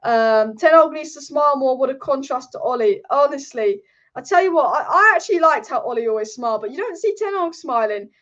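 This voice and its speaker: Woman host, quick and high-pitched, swears freely and repeats her points in a casual rant. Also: expressive, a bit bright. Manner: fired-up, swearing, repetitive. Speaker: football channel host. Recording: dull lo-fi audio.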